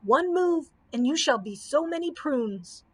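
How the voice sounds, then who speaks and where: A woman playing a shrieking old wizard, wicked, high and loud, storybook villain. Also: normal speed. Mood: menacing. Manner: screeching, threatening. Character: angry shrill old male wizard.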